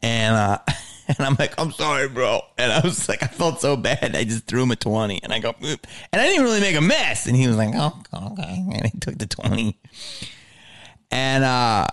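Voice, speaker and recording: A man telling a story in a casual, animated way, with frequent swearing and filler words. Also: medium pitch, fairly quick.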